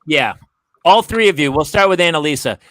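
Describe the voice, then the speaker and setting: Bright-voiced man hosting a chat show. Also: fairly high pitch, animated, a little fast, no echo. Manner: blunt, laughs at his own stories. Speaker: podcast host. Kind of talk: casual chat.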